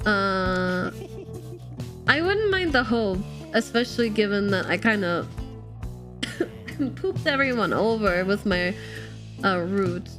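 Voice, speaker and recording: A woman streaming a game, chatting casually and excitedly with her viewers while slightly ill and coughing. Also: medium pitch, slow, pauses often, music in the background. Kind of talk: casual live-stream chat while playing.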